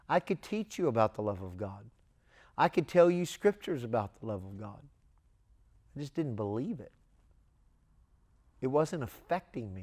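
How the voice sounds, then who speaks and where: A man, a pastor, giving a televised sermon in an earnest, emphatic way with long dramatic pauses. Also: mid-range voice, a little mellow.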